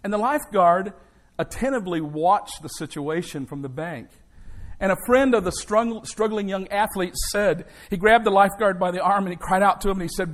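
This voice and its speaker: Guy pastor preaching in church, kinda high voice, loud then soft, lots of amens. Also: expressive, normal speed. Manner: emphatic, rhythmic preaching with call and response. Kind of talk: sermon.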